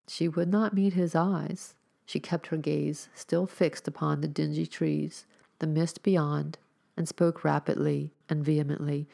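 A woman narrating a short story aloud in a measured, expressive way. Her voice is low, with a gravelly, fry-tinged texture. The pacing is steady and deliberate.

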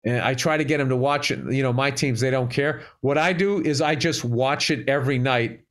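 A man co-hosting a casual chat show, ranting about sports in an animated, profane way. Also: medium pitch, brisk. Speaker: podcast co-host.

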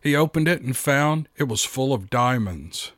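A man reading a story aloud as a narrator, in a steady, measured manner. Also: mid-range voice, dry recording, studio quality. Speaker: audiobook narrator. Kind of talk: scripted narration.

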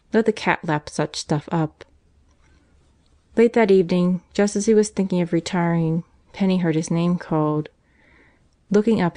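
A woman with a voice on the low side narrates an audiobook, reading the scripted story in a measured, even manner.

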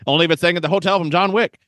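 A man in his thirties co-hosting a podcast, joking about old movies in a wisecracking, animated way and laughing often. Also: high voice, no room sound. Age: 30s. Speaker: podcast co-host. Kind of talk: casual movie-review chat.

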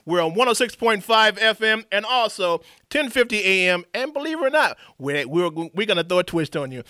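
A man's voice: high-pitched, pushed and bright, dry recording, studio quality. A man hosting a live radio talk show, rambling with showman flair, restarts and chuckles. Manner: loose, rambling, laughs and restarts often.

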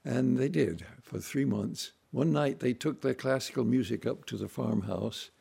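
An older man reminiscing about his childhood in a relaxed, anecdotal storytelling way, now and then acting out voices and sounds. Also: mid-range voice, measured pace, creaky, slightly rough. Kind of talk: unscripted reminiscing monologue.

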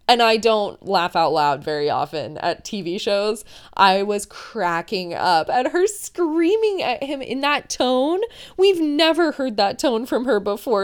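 A woman's voice: mid-range voice, sing-song, unhurried, clear, resonant tone. A woman hosting a podcast, recapping a reality show in chatty, opinionated talk full of "like". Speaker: podcast host.

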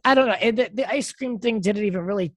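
A podcast co-host chatting casually and giving opinions with quick asides. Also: medium pitch, no echo. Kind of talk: casual chat recapping reality TV.

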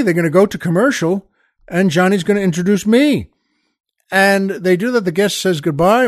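A man, a comedian, telling an animated backstage anecdote and acting out the other people in it. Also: sits high, no room sound, clean studio sound. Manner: animated, acts out quoted voices, shifts between hushed and loud. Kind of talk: storytelling anecdote.

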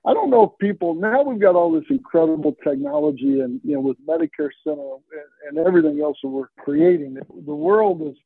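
A man hosting a casual interview, telling stories with animated quoted voices. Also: a little high, fairly quick, husky, no room sound. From Texas. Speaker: host. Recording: tinny phone-like line.

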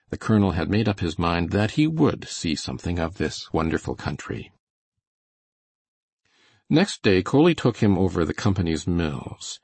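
A man reading a novel aloud in measured, scripted narration. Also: deep voice, gravelly, a little mellow, husky, no echo. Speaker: audiobook reader.

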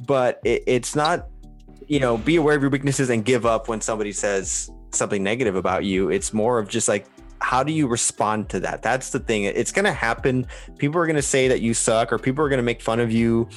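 A man hosting a casual interview, talking in a rambling, animated way with many fillers and restarts. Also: mid-range voice. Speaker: podcast host.

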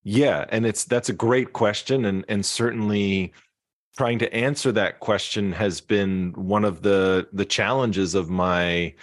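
A man's voice: on the low side, fairly even intonation, a little slow, no room sound, studio quality. A man, a podcast guest speaking reflectively with frequent restarts. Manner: reflective, many restarts and soft fillers. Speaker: podcast guest, singer-songwriter and keynote speaker. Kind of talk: conversational podcast interview.

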